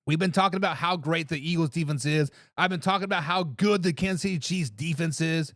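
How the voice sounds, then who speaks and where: A man hosting a sports talk live stream, reading viewer comments and joking back at them in an excitable way. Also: on the high side, fairly quick, dry recording, clean studio sound. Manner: excitable, laughs and repeats himself, teases commenters. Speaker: sports talk show host.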